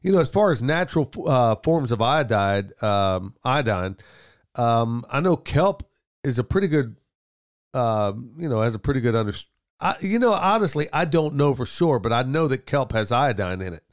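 A man's voice: mid-range voice, sing-song, moderate pace. A man with a congested voice from a cold, co-hosting a podcast in a folksy, casual way and calling listeners folks and y'all. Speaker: podcast co-host, father. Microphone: studio mic with headphones.

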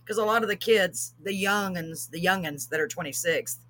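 A woman's voice: lowish voice, moderate pace, a bit bright. A middle-aged woman from Texas, hosting a live chat show, bubbly and jokey with frequent laughs. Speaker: show host.

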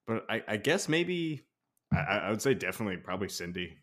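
A man on a casual podcast, talking in a relaxed, slightly hesitant way and repeating words. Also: lowish voice, quick pace. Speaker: podcast panelist. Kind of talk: casual chat.

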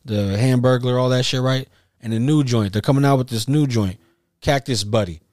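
A man's voice: medium pitch, normal speed, a little mellow, dry recording. Profane storytelling man, dry mic. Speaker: podcast host. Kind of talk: casual chat.

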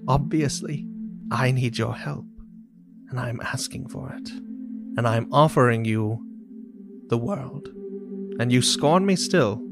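A man voicing a grave, weary male higher power who speaks in a measured, slow way, with music behind. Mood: earnest. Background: ambient music with singing bowl.

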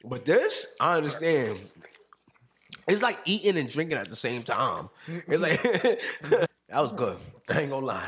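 Husky young man with lively, laughing chat. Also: fairly high pitch, unhurried. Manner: laughs often, animated storytelling. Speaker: podcast host. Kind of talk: casual chat.

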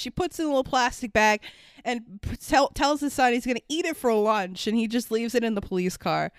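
In a dry recording with clean studio sound, a young adult woman speaks briskly in a smooth voice on the high side. The podcast co-host keeps a casual movie review chat animated and sarcastic, swearing freely and acting out quotes.

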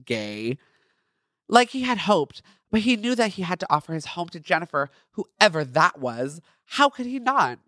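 A man's voice: on the high side, wildly swooping pitch, normal speed, sharp tone, no echo, studio quality. Sassy, campy podcast host man. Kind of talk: reading his own fan fiction aloud with commentary.

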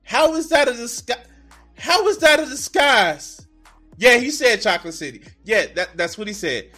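A man reacting to a video clip, swearing a lot and breaking into incredulous shouts. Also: very high voice, expressive, normal speed, soft background music. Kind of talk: profane reaction commentary.

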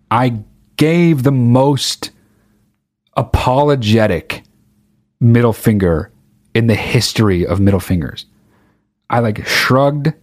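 A young man telling a casual comic anecdote, rambling and full of profanity with deadpan asides. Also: medium pitch, dry recording, studio quality. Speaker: storyteller.

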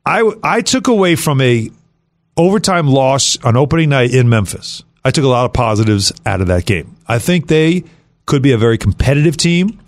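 Animated man hosting sports radio. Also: mid-range voice, moderate pace. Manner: animated, lots of fillers and restarts. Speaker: radio host.

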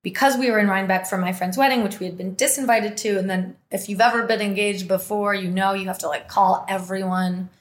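A woman's voice: medium pitch, brisk, hardly any pauses. A woman hosting a podcast, telling a long personal story in casual chat, laughing often and acting out what others said. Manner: animated, laughs often, acts out quotes. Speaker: podcast host. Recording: roomy echo.

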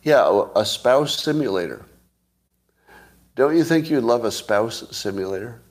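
A man's voice: medium pitch, expressive, measured pace. A man from California hosting a show, chatting casually and joking as he rambles between topics. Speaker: host. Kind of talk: casual chat with listeners.

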